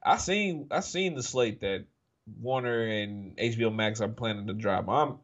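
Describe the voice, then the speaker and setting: A man's voice: lowish voice, normal speed, muffled recording. A man co-hosting a casual talk show, laid back and slangy, calling his friend bro and dog. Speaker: podcast co-host. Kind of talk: casual chat.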